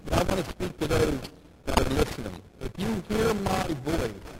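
A man's voice: fairly high pitch, very animated, normal speed. A man preaching a sermon, emphatic, repeating phrases for stress. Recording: loud background noise.

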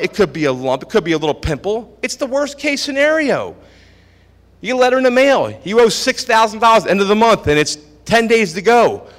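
A man's voice: high-pitched, a bit bright. A man preaching a sermon at a church service, emphatic and repeating phrases for stress. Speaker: pastor. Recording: echoey hall with long reverb.

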